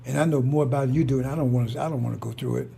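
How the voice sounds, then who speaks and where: A man's voice: medium pitch, very fast, creaky, dark tone, slight background noise. A middle-aged man giving a casual preaching monologue as a religious commentator, rambling and repetitive, blunt and profane.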